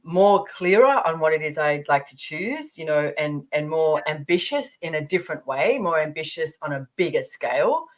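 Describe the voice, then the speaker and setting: A woman's voice: deep voice, a bit bright. A woman in her fifties, a podcast guest, talking frankly and candidly in a casual interview, swearing freely and restarting her sentences. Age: 50s.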